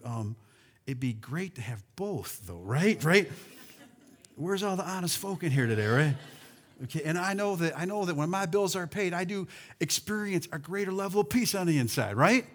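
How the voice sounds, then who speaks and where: Male pastor, high voice, lively sermon, call-and-response, church. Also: moderate pace. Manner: animated preaching with call-and-response and swings in loudness. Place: church sanctuary.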